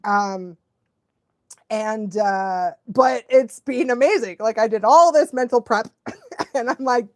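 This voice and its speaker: Excitable young woman, high dry voice. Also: slow pace, dry recording. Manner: excitable, animated, laughs often, loses her thread. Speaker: dog trainer hosting a live watch-along. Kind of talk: casual live-stream chat.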